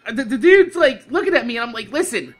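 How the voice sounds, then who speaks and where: A man hosting a gaming video, telling a loud, profane story and laughing through it, then talking calmly through game gear. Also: very high voice. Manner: slows down and over-enunciates when quoting himself. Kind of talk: casual storytelling rant over gameplay.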